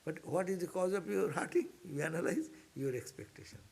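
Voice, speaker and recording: A higher-pitched man with a gravelly, husky voice teaching a spiritual class. He speaks earnestly and repeats his main points, his pitch leaping up in sudden bursts as he urges his listeners on. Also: expressive, fairly quick, darkish tone. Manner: earnest, repetitive, exhorting, with sudden upward bursts. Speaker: monk teaching a scripture class. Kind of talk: informal spiritual class lecture.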